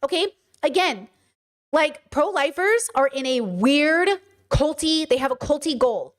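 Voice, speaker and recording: Young woman, high voice, livestream host, heated and emphatic, repeats her questions. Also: lively intonation, a little slow. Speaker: podcast host. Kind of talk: livestream commentary.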